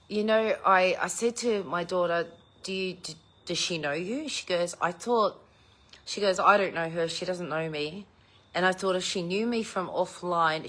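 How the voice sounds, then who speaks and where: Aussie mum type, middle-aged, lowish voice, chatty, swears a lot, animated storyteller. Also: female voice. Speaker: vlogger chatting live with viewers. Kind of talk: casual chat.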